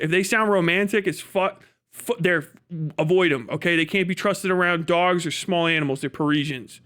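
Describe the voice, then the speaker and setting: A man's voice: high voice, fairly even intonation, brisk, fairly bright tone, clean tone. A man streaming live, chatting casually and ranting with heavy swearing and frequent laughs. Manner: profane, ranting, laughs often. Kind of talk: casual livestream chat.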